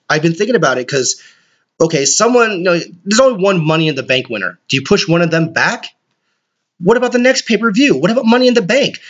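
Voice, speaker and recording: A man hosting a solo podcast, rambling excitably and swearing often. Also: sits high. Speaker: podcast host. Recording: dull lo-fi recording.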